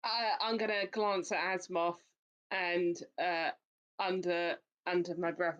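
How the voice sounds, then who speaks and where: A woman with a lowish voice speaks softly as a player in an online tabletop game. She mutters with hesitant little fillers, as if talking under her breath. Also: little pitch movement, slow pace, lo-fi sound. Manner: quiet, muttering in character. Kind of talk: casual tabletop game chat.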